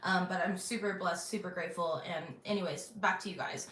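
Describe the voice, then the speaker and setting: A woman's voice: fairly low pitch, fairly even intonation, brisk, fairly bright tone. Chatty woman reading tarot, echoey bedroom. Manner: chatty, many "um"s and throat-clearing. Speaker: tarot reader and channel host. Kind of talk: casual intuitive tarot reading to camera. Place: her bedroom. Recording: echoey bedroom, faint background hum.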